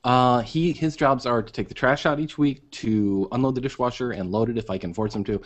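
A man's voice: medium pitch, brisk. A middle-aged man co-hosting a casual live web show, joking and self-deprecating. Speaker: co-host.

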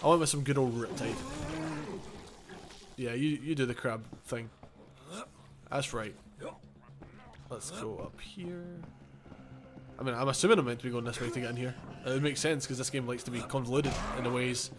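A man's voice: mid-range voice, normal speed, long pauses, background noise. A man casually commenting on his own gameplay, rambling, correcting himself and chuckling as he goes. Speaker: gaming channel host. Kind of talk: casual let's-play commentary.

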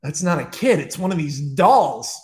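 A scheming horror villain voiced by a man who talks in a clipped, dismissive way. The voice is higher than most men's. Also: very animated, moderate pace. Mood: impatient.

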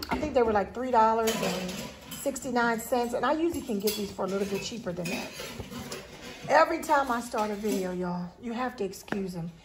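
A woman's voice: on the high side, background noise. Chatty woman hosting a grocery haul. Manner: chatty, keeps addressing viewers directly. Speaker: vlog host. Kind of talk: casual grocery haul chat. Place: at home.

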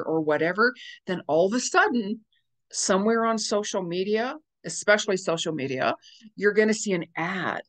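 A woman's voice: mid-range voice, expressive, moderate pace. A woman psychic medium giving a casual astrology forecast, gushing and repetitive in a spiritual tone.

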